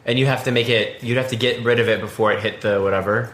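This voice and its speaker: A man co-hosting a podcast in casual chat, gushing and quick to laugh. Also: medium pitch, fairly even intonation, a bit bright, roomy sound. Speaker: podcast co-host.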